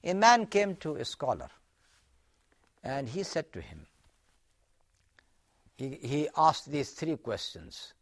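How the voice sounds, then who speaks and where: Animated gravelly male scholar. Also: on the high side, takes it slowly, pauses often. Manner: earnest, explanatory, with fillers and restarts. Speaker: Islamic scholar, lecturer. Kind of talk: religious lecture with storytelling.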